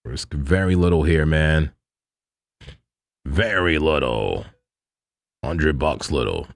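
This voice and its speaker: A man's voice: very deep voice, expressive, takes it slowly, gravelly, no echo, studio quality. A man hosting a crypto trading livestream, chatting loosely with viewers in slang, repeating himself and laughing often. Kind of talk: casual live-stream chat with viewers.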